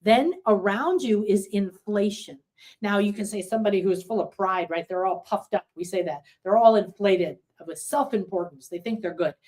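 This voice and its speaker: Woman, healing teacher; animated, acts out emotions in short outbursts. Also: medium pitch, normal speed.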